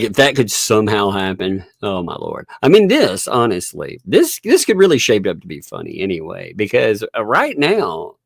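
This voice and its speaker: A man's voice: fairly low pitch, gravelly, no echo, studio quality. A man hosting a casual commentary video, laughing often in a mocking, amused way and repeating and restarting words.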